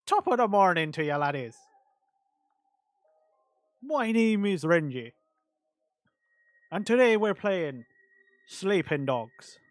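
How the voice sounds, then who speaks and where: A boisterous, hammy Irish host bellows a greeting, as a man puts him on for a laugh. The voice is pitched up and loud, with a slow, overdone lilt. It is recorded close and dry, with no room around it. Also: fairly even intonation, clear, resonant tone, no echo. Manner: exaggerated, hammy put-on accent. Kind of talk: joking impression.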